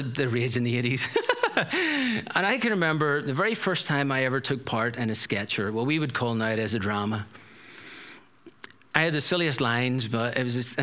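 A man's voice: medium pitch, pushed and bright. A middle-aged man preaching a sermon in a conversational, storytelling way, full of rhetorical questions.

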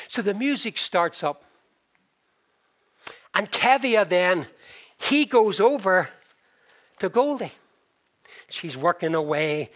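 A man's voice: sits high, fairly bright tone. A man preaching a sermon, animatedly retelling a scene and acting out its characters. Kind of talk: sermon storytelling.

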